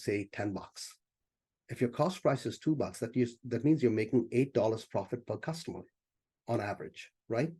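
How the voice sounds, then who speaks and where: A man's voice: medium pitch, dark tone. A man as a business coach, teaching in a loose, conversational way during an online session and often saying "you know".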